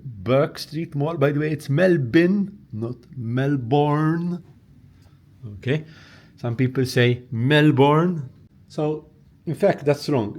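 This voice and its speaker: Chatty Maltese man touring a hotel room. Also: mid-range voice. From Malta. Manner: chatty, relaxed, thinks aloud with fillers. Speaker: travel vlogger. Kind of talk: casual vlog room tour.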